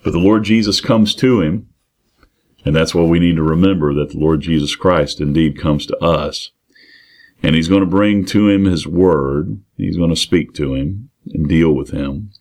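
Deep low-voiced guy preaching, reads a verse then explains it, earnest and plain, keeps restarting and repeating words. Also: moderate pace, a little mellow. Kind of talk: expository sermon reading and explaining scripture.

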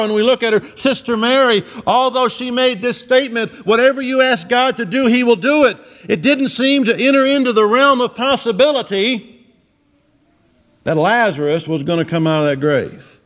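A man preaches in church at a moderate pace, his tone a bit bright. Retelling the scripture, he pushes his voice up and down dramatically for emphasis.

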